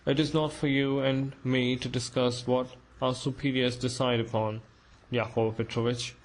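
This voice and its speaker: Stern official, curt and emphatic, read by a man, even flat tone; storybook reading. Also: mid-range voice, moderate pace, lightly acted, rough recording.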